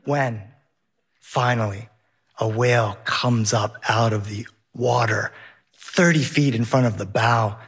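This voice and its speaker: A man's voice: mid-range voice, fairly even intonation, takes it slowly, a bit bright, slightly rough. A man telling a first-person story on stage, with vivid and well-paced narration.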